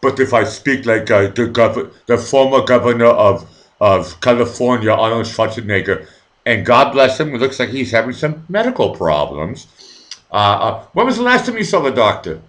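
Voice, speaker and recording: Hesitant host with many fillers. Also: male voice, mid-range voice, lively intonation, normal speed, fairly bright tone. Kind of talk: casual live-stream interview.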